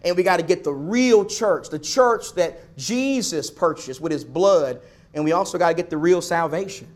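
A man's voice: a little high, expressive, normal speed. A man preaching a sermon, building emphasis through repeated phrases. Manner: emphatic, repetitive preaching cadence.

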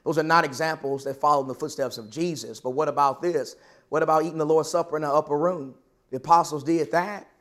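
A man teaching from scripture in an earnest, questioning way, with a voice a touch higher than most men's. He slows down to press on the words he wants remembered. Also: steady tone, a bit bright. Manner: earnest, questioning, stresses key words slowly. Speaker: preacher. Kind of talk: Bible class sermon.

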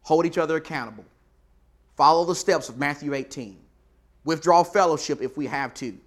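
Man preacher, sermon, slightly high voice, conversational, reads verses aloud with emphasis. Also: normal speed. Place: church auditorium.

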